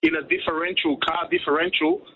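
A man's voice: high voice, sing-song, brisk, vocal fry. A male caller with a laid-back, wry, matey way of talking. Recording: muffled phone line with faint noise.

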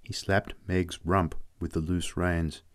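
A man reading a story aloud in a measured storytelling manner. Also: sits low, little pitch movement.

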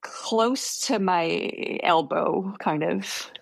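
A woman's voice: lowish voice, extremely slow, gravelly, no echo. A young woman telling a personal story in a casual interview, hesitant and self-deprecating.

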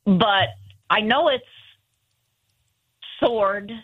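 Casting: woman, 60s, radio caller, slow and chatty, muffled phone sound. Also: mid-range voice. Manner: chatty, apologetic, halting. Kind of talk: radio call-in chat. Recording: dull lo-fi phone line.

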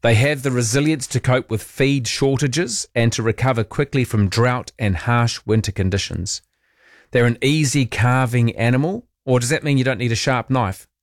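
A man's voice: medium pitch, moderate pace, hardly any pauses, no echo, clean studio sound. A man hosting late-night talkback radio, chatting and reading out listener texts. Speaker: overnight radio host.

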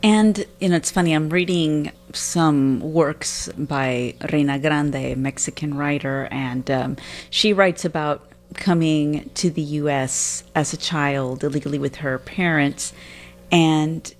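A woman's voice: low voice, slow pace. A woman interviewer asking thoughtful questions in a conversational way.

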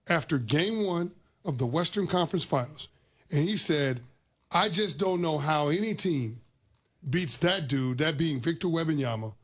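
A male sports radio host making his case in a studio, his voice sitting a little high for a man. He argues with animated energy, stumbling and restarting words as he pushes his point. The delivery is conversational studio debate. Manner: animated argument with stammered restarts.

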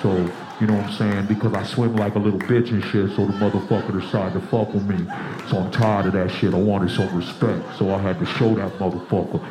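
Man doing a gruff thug stingray. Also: fairly low pitch, flat delivery, a little fast, pitched below the performer's own voice, close to an everyday voice. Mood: boastful. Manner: swaggering, profane street talk. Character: gruff tough-talking male stingray thug. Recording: echoey with background noise.

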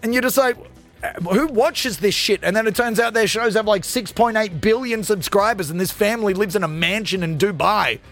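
A man's voice: high-pitched, a little fast, hardly any pauses, soft background music. A male radio host, ranting comically and with lots of energy into a studio microphone. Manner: animated, ranting, jokey. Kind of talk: comedic radio rant.

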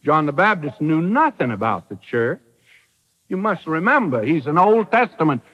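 A man delivers a radio sermon in a folksy, emphatic style, his high voice swooping up and down. He acts out quoted speakers with drama. The sound comes from an old broadcast recording with a long hall echo. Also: sing-song, moderate pace, highs cut off. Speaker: preacher.

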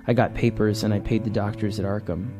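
A man's voice: fairly low pitch, fairly even intonation, fast, over music, natural voice. A man reading aloud a haunted, driven young man of twenty-five who confesses his past with intensity. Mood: confessional. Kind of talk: reading a comic script aloud.

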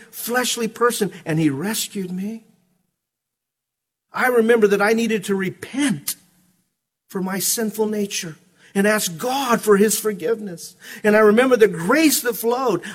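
A man with a high, husky voice preaches a sermon. He drops to a hushed, earnest murmur, then rises into ringing, emphatic calls. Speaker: pastor.

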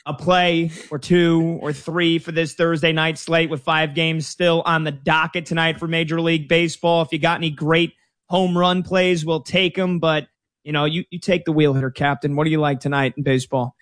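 A man's voice: fairly high pitch, level tone, moderate pace, a bit bright, no echo, clean studio sound. A man hosting a radio sports betting show, breezy and joking as he plugs his guest. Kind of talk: casual radio sports talk.

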